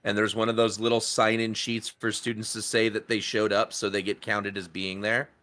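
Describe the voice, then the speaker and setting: A man running a tabletop game as game master, narrating scenes in a relaxed way. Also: lowish voice, moderate pace.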